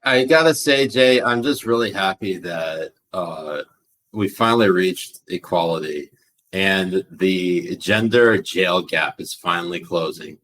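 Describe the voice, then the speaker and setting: A man's voice: low-pitched, a little slow, fairly bright tone. A man co-hosting a casual podcast, swearing freely and reading out viewer questions in a loose, rambling way. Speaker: podcast co-host.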